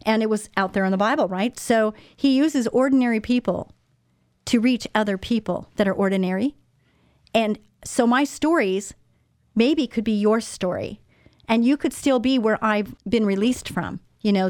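A woman's voice: a little high, normal speed, a little mellow, dry recording, clean studio sound. Earnest woman hosting Christian radio. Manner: earnest, personal, speaks straight to listeners. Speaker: radio show host. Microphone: studio microphone.

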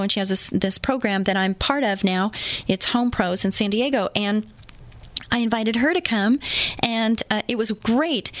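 Speaking into a studio microphone with no echo, this woman has a mid-range voice. She hosts a faith-based radio program in a studio and chats enthusiastically through her stories, using plenty of fillers.

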